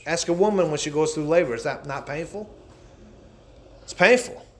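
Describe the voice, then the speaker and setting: Male pastor, high voice, fervent preaching that rises and drops, echoey church room. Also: normal speed. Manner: impassioned preaching that swings between loud and hushed. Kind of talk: sermon.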